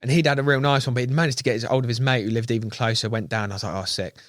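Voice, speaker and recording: A young English man tells a fishing story in casual podcast chat, excitable and quick to swear. He acts out quotes loudly. The room sounds dry, with no echo. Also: medium pitch. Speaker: guest angler.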